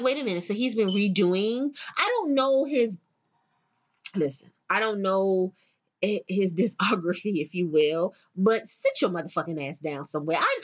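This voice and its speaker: A middle-aged woman hosting a show, delivering a blunt, profane, animated rant in casual monologue. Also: mid-range voice. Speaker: podcast host.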